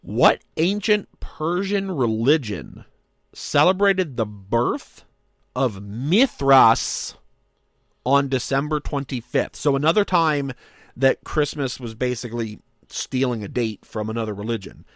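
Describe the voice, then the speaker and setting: A man co-hosting a podcast, quizzing his partner on holiday trivia in casual, teasing banter and slowing down to read each question aloud. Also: medium pitch, expressive, fairly bright tone, no room sound, clean studio sound.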